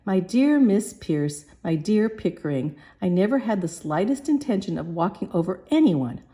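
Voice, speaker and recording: A woman's voice: mid-range voice, lively intonation, normal speed, dark tone, natural voice. A woman voicing a pompous, bossy male professor who talks in a brusque, lofty manner.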